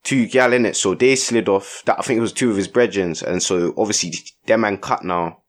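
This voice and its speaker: With a lowish voice and brisk pace, a young man tells a story on a podcast he co-hosts. It's casual, animated, and slangy, peppered with "innit" and "you get me."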